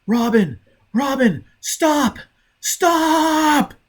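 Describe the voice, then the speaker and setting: A man reading an audiobook, voicing a sharp, commanding young male officer who snaps out curt, impatient questions. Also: fairly high pitch, sing-song, a little slow, breathy edge, voice pushed up, heavily acted. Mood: urgent shouting. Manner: snappish, curt, exasperated.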